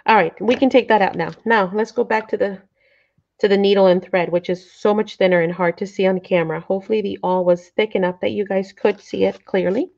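A woman's voice: medium pitch, steady tone, brisk, creaky, a little mellow. A middle-aged woman hosting a live craft tutorial, chatty and a bit flustered, often checking in with her viewers. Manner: apologetic, flustered by the camera framing. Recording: dull lo-fi sound.

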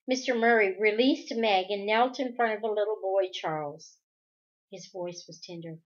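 A woman reading a novel aloud in an unhurried manner, stumbling over a word now and then. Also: medium pitch. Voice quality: unhurried, with occasional restarts. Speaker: reader. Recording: dull lo-fi home recording.

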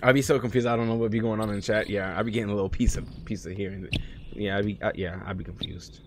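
A man live-streaming a game, chatting casually and profanely with his viewers, swinging from low muttering to loud excited outbursts. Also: quick pace, a little hiss or hum. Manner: slangy and profane, talks to chat by name. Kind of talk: casual live-stream chat while gaming.

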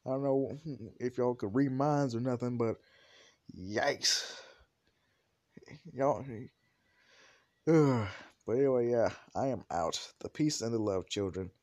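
A man's voice: medium pitch, takes it slowly, long pauses, a little mellow, no room sound. A young man telling a fan fiction story casually, rambling and joking with many fillers.

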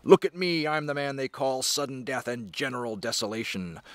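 A man voicing a loud, bragging male river raftsman who boasts in a booming, declamatory way. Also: expressive, moderate pace, no room sound, close to an everyday voice. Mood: boastful.

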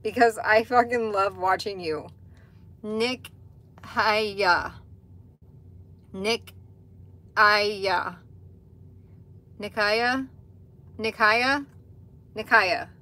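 A woman's voice: medium pitch, drawn-out words, pauses often, bright, forceful tone. Chatty woman livestreaming from a truck. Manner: candid and chatty, swears casually. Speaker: livestream host. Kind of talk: casual livestream chat reading comments. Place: inside a parked truck cab.

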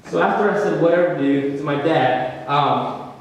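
A man's voice: a little high, a little slow, recorded from a distance. Earnest young man preaching in echoey hall. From California. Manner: earnest, conversational, many fillers. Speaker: student speaker. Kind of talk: casual sermon to students. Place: large hall.

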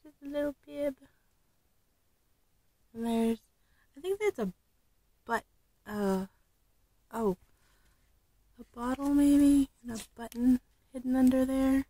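Slow-talking woman with a sore throat. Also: high-pitched, no echo, rough recording. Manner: halting, with frequent ums and soft asides. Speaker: vlogger unboxing a reborn doll. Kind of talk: casual unboxing chat.

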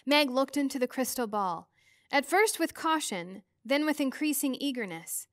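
A woman teacher reading a novel aloud to students with expressive, measured storytelling. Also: high-pitched, dry recording, studio quality.

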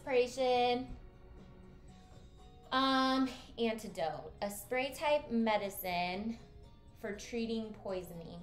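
Unhurried, swearing woman streamer. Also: medium pitch, echoey room. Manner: reads game text aloud, swears and jokes. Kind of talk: casual gameplay commentary.

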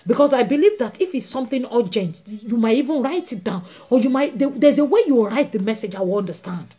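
A woman's voice: on the high side, expressive, fast, dark tone, husky. A woman evangelist preaching a sermon, emphatic and repeating her phrases as she addresses the congregation directly.

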